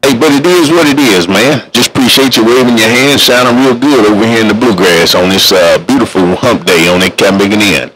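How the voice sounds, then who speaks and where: A man's voice: fairly low pitch, a little fast, hardly any pauses, a bit bright, low-quality recording. A man chatting casually over a CB radio in a folksy, drawling way. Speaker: CB radio operator.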